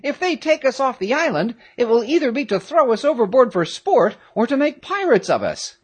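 A man reading aloud and voicing a frightened, excitable teenage boy in a high, shrill, panicky voice. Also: normal speed, slightly rough, heavily acted. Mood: panicked.

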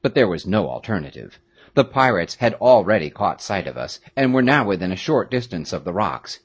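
A man narrating a classic adventure story in the first person, with an expressive, dramatic reading. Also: lowish voice, moderate pace, slightly rough. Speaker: audiobook narrator.

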